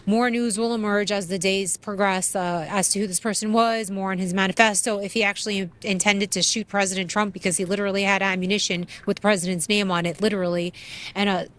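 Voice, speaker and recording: A woman's voice: medium pitch, fairly bright tone. A young woman co-hosting a news program, talking through the stories in an earnest, conversational way with many fillers and restarts. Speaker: news co-host.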